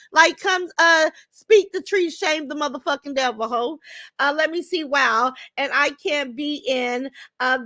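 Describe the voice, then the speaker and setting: A woman's voice: high-pitched, pushed and bright, no room sound. A middle-aged woman hosts a livestream, reading viewer comments and profanely, confrontationally calling out rivals. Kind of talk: unscripted livestream chat.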